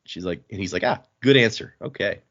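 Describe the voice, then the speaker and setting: Man, low voice, casual podcast plot recap, quick character asides, dull muffled audio. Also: fairly bright tone. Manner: summarizes plot, briefly voicing characters in quotes. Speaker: podcast host recapping a comic. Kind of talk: casual chat.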